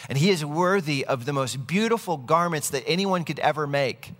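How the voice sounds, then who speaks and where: A man voicing a smooth-talking swindler weaver making a grand sales pitch, in an echoey hall. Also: animated, normal speed, a bit bright. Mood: smooth, persuasive.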